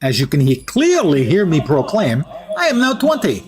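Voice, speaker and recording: A man's voice: a little high, huge pitch swings, normal speed, dark tone, a little hiss or hum. A man putting on a mock Russian accent to voice a boastful steel-skinned male mutant hero, speaking in formal, article-dropping phrases during in-character game commentary. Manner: formal, article-dropping, grandly self-praising.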